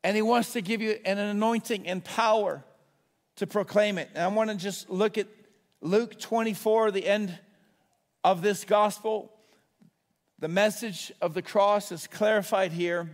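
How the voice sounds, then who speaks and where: A man preaching a sermon, telling stories with quick restarts and swelling to excited shouts at the high points. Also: in a large hall.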